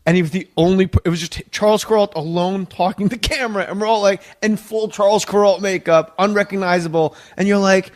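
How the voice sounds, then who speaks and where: A man in a casual podcast chat, telling animated, swearing anecdotes about his days as a sketch comedy writer and acting out the quotes. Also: high-pitched, a little fast, hardly any pauses.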